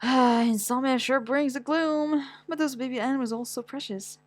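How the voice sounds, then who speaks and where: A young woman reading a manga aloud with dramatic, stammering delivery and wailing outbursts. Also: no echo. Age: young adult. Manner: animated, quick pitch swings, stammers, whiny wails. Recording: dry close mic with faint music.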